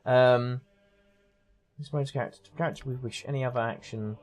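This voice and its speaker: A man's voice: medium pitch, fairly even intonation, moderate pace. Chatty man rambling over gameplay. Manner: chatty, rambling, self-interrupting. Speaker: gaming streamer. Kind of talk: casual let's-play commentary.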